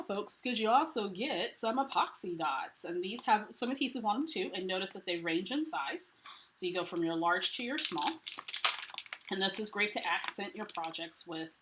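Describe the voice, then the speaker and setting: A woman with a mid-range voice hosts a live craft unboxing. She is chatty and enthusiastic and greets viewers by name. A faint hiss sits under the recording. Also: medium pitch. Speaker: craft livestream host.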